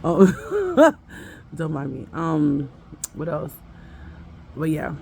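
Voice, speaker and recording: Chatty woman vlogger with a gravelly voice. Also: low-pitched, little pitch movement, takes it slowly, a little mellow, slight background noise. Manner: rambling, chatty, talks to her toddler between asides. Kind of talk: casual vlog chat. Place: at home.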